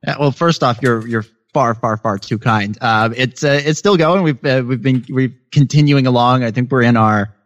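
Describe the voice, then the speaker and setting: A man's voice: mid-range voice, normal speed, few pauses, lo-fi sound. A man as a guest on a casual podcast, talking modestly and rambling with many fillers.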